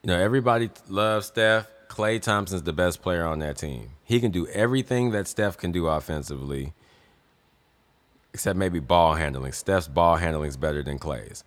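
Young male co-host, deep low voice, pushy and emphatic in debate. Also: normal speed. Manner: emphatic, insistent, repeats points. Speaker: podcast co-host, son. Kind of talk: casual sports debate.

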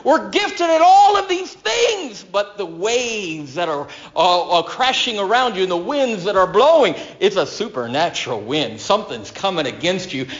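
A man preaching a sermon, storytelling dramatically and swinging from loud declarations to hushed tones. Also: high-pitched, big pitch swings, moderate pace, few pauses, lo-fi sound.

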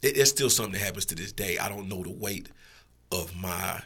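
Gravelly-voiced man telling rambling stories. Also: low voice, expressive, a little fast, a bit bright. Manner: laid-back, profane, rambling anecdotes. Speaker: rapper guest. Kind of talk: casual storytelling.

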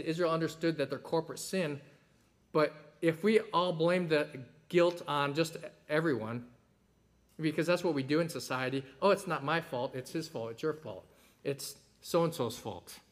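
A man's voice: on the high side, fairly bright tone. A man preaching a sermon in a conversational way, with many fillers and occasional rises in emphasis.

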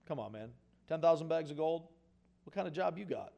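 Slightly high-voiced man preaching a folksy sermon. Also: lively intonation, fairly quick, creaky, dull audio. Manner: conversational, folksy asides to the congregation; rises in pitch and volume for emphatic points, drops to quiet asides. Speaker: pastor.

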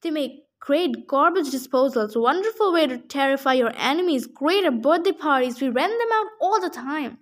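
A woman's voice: high voice, animated, moderate pace, few pauses. A woman reading as a smug three-bodied monster rancher. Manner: smooth salesman patter, dismissive.

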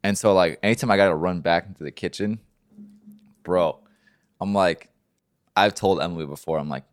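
A man's voice: deep voice, normal speed, no echo, studio quality. A young man co-hosting a podcast, talking in a laid-back, profane way in casual chat. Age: young adult. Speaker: podcast co-host.

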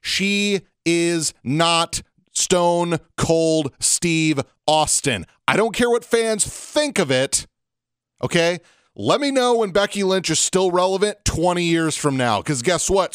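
A man's voice: high-pitched, very animated, fairly bright tone, dry recording, studio quality. Emphatic man ranting on a podcast. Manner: emphatic, slows down to stress points. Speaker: podcast co-host. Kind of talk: casual wrestling podcast rant.

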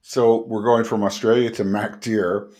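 A man co-hosting a podcast in casual chat, eager and quick to laugh and ask questions. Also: on the low side, level tone, a little mellow. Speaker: podcast co-host.

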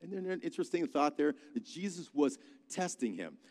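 A man preaching a conversational sermon, telling a Bible story with lively asides. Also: on the high side, a little fast, gravelly. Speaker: pastor. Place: large church hall. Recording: reverberant hall.

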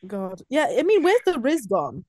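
A woman's voice: high voice, huge pitch swings, moderate pace, darkish tone, slight background noise. A woman guest on a film podcast, chatting casually with short reactions and laughs.

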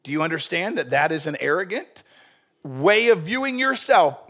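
A male pastor preaching a sermon in an animated way. He asks rhetorical questions and acts out quotes. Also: on the high side, moderate pace.

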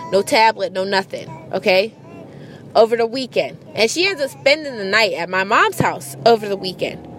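A woman's voice: mid-range voice, slight background noise. A young adult woman telling a casual, profane story about her childhood and parenting, acting out voices as she goes. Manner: animated, profane, acts out voices.

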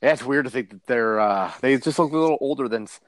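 A man's voice: mid-range voice, fast, no room sound. A man co-hosting a podcast, riffing in casual chat with rambling, profane jokes. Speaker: podcast co-host. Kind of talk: casual chat about fight news.

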